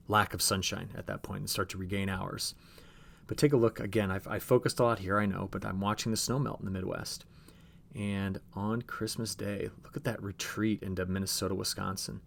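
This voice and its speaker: A man's voice: sits low, little pitch movement, fairly quick, creaky, slight background noise. A man giving a chatty agricultural weather briefing over forecast maps, talking straight to viewers and often restarting his phrases.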